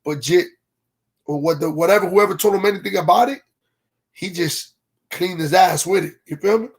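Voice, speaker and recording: A man's voice: high voice, normal speed, slightly rough. A man telling a long story on a casual livestream, in a slangy, rambling way, stopping now and then to greet viewers in the chat. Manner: slangy, rambling, keeps asking "you feel me"; greets viewers from live comments mid-story.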